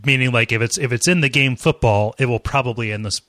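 A man's voice: medium pitch, fast talker, a bit bright, no room sound, studio quality. A man co-hosting a casual gaming podcast, joking and laughing often. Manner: laughs a lot, jokey. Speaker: podcast co-host.

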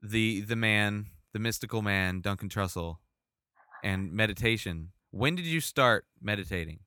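A man's voice: lowish voice, normal speed, sharp tone, clear, resonant tone. A man hosting a podcast who asks short questions and gives brief encouraging responses. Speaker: podcast host. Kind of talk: interviewing.

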